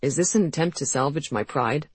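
A woman voicing a grim, shivering young male writer with a hoarse, dry, self-mocking way of talking, in an audiobook. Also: deep voice, lively intonation, brisk, no room sound. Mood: rueful. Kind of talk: audiobook character voice.

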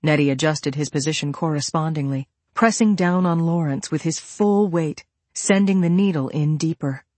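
A woman narrating a thriller audiobook in the first person. Her reading is steady and measured, her voice husky and a little low. The recording is dry and close. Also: dry recording.

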